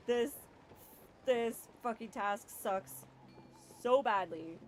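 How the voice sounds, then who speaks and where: A woman streaming a video game, complaining and cursing at it, swinging between low muttering and loud outbursts. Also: animated, measured pace, soft background music. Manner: frustrated, swearing, swings from muttering to yelling. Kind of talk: live gameplay commentary.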